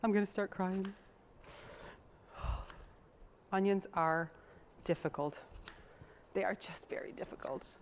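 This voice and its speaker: A woman's voice: mid-range voice, slow, pauses often, slight background noise. A woman hosting a casual cooking demonstration, chatting to viewers in a homey way while she chops and mixes, sometimes drifting away from the mic. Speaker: cooking show host.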